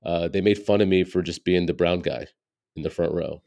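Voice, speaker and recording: An American stand-up comedian in his forties, appearing as a guest in a casual interview, tells candid, reflective stories and keeps dropping in "you know." His voice sits low and mellow with vocal fry, and he talks briskly with fairly even intonation.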